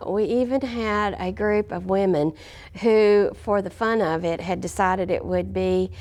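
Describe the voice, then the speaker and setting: An older woman, a former teacher telling anecdotes in an oral history interview, chatty and laughing often. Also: lowish voice. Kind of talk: anecdotal storytelling.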